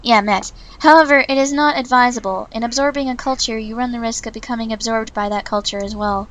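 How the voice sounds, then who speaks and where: A woman's voice: a little high, fairly even intonation, brisk, a bit bright, natural voice, rough recording. A woman voicing a prim, stubborn young female trainee, narrating her thoughts earnestly in first person from a visual novel. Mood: indignant. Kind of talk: reading a visual novel aloud.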